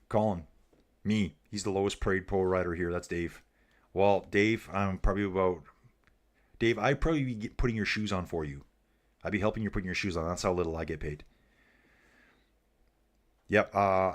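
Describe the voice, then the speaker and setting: A man's voice: fairly low pitch, fairly quick. A man hosting a casual livestream, giving race commentary and reading viewer comments aloud in a chatty, joking way.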